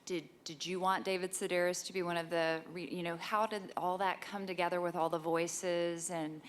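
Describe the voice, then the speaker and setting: A woman with a slightly low voice asks an author a question from the audience. She halts and rephrases as she speaks, with a faint low rumble behind her. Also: flat delivery, normal speed. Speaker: audience member asking a question.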